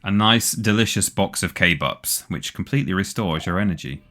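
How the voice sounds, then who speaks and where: A man's voice: sits low, lively intonation, normal speed, pushed and bright. A man streaming a video game, chatting casually and rambling as he plays, often correcting himself with a playful tone. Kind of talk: casual gameplay commentary.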